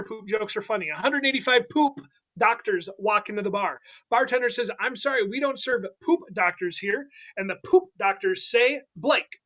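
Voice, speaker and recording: Host: high, bright-voiced man running an online improv game, playful, dull lo-fi call audio. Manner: playful, quick, laughing asides.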